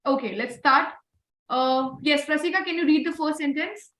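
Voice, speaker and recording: Trainer type: high-pitched woman, upbeat class leader who keeps praising students, slightly roomy sound. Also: normal speed, fairly bright tone, a little hiss or hum. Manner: encouraging, repeats praise, mixes in Hindi. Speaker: voice and communication trainer. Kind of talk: online class. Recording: roomy echo.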